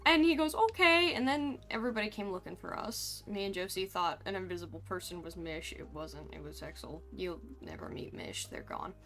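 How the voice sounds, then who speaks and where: A woman streamer recounting her character's story in a roleplay game, animated and frustrated, swearing freely. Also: lowish voice, a little fast, hardly any pauses, soft background music.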